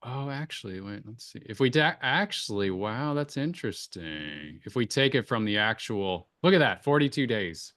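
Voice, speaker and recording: A man's voice: fairly low pitch, lively intonation, normal speed, few pauses, fairly bright tone, no echo. Man walking through a chart, dry sound. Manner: talks through a screen-shared chart with many fillers and restarts. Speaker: crypto astrology show host.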